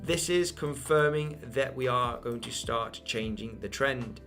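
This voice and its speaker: Speaking in a mid-range, steady, unhurried voice that's a bit bright, this young man from Spain runs a live crypto chart stream with faint music behind him. He answers the chat repetitively, with many fillers and restarts, addressing everyone as "guys." He picked up his English accent from his Isle of Man mother.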